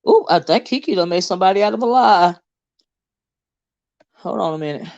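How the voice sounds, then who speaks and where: A woman's voice: mid-range voice, animated, a little fast, creaky, darkish tone, dry recording, dull audio. A woman hosting a livestream in casual chat, fired up, blunt and profane, often stumbling over repeated words. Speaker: livestream host.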